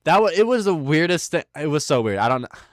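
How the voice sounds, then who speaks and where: A man's voice: on the high side, very animated, fast, music in the background. A young man giving a casual, rambling, wisecracking recap commentary, full of slang. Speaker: commentary host.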